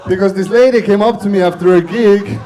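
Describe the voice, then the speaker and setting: A man from Estonia with an Estonian accent doing an open-mic stand-up set, deadpan and sweary, laughing at his own jokes. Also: high-pitched, a little fast, some chatter behind. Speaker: stand-up comedian. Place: comedy club stage with audience.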